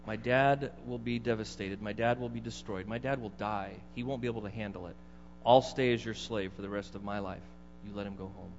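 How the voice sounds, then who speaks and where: A pastor doing a low, offhand biblical brother, a man who has gone from scheming to repentant. The sound is dull, with a long hall reverb and faint mains hum. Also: fairly even intonation, brisk, close to an everyday voice. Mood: pleading.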